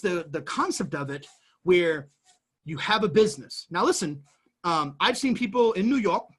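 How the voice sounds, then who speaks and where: A man talking as a guest in a casual chat, explaining business in an animated way and jumping between everyday examples. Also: high-pitched, moderate pace, husky.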